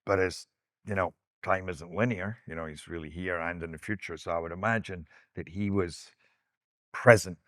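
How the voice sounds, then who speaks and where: A man, an actor, casually reminiscing about his films in an animated, digressive storytelling manner. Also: sits low, moderate pace, dry recording, clean studio sound.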